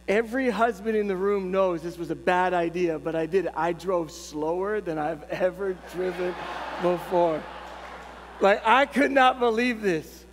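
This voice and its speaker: A middle-aged man preaches from the pulpit, his voice sitting high for a man. He tells a personal story in a lively, humorous way. The sound carries a long church reverb over a faint hum. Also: normal speed. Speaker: pastor. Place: church sanctuary.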